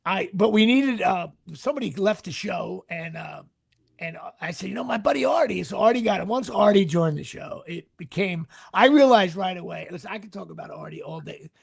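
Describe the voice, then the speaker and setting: A man's voice: sits high, lively intonation, brisk, gravelly, slightly rough. A middle-aged man, an actor being interviewed, telling rambling stories with restarts and sports asides. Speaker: actor guest. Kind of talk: casual anecdotal storytelling.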